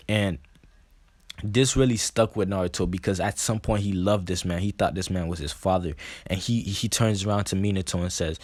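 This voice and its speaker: Brief: low, dry-voiced man narrating his fan story casually, stumbling with restarts. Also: steady tone, a little mellow, dry recording. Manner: halting, filler-heavy, many restarts. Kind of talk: casual fan-fiction retelling.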